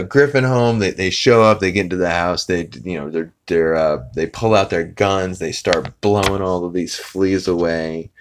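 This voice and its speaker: A man with a deep, low voice hosts a casual podcast and recaps an episode in a rambling way. He fills his talk with "uh"s and restarts, and drops swear words freely. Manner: rambling with many fillers and swearing. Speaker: podcast host.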